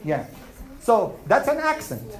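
A woman teaching a Quran class, asking her students questions and reciting Arabic verses quickly. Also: a little high, sing-song, faint music behind, poor audio. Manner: asks the class questions and answers them. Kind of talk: classroom lesson.

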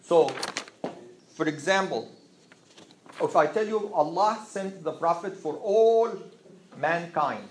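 A man's voice: fairly high pitch, expressive, slow, pauses often. A man teaching an Arabic class to students, patiently repeating words and phrases for them to drill. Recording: roomy classroom with faint noise.

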